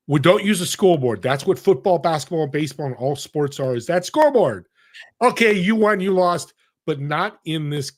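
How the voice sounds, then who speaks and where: A middle-aged man as an interview guest, telling stories with energy and speaking straight to the audience. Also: a little high. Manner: animated, addresses the audience directly. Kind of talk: conversational storytelling.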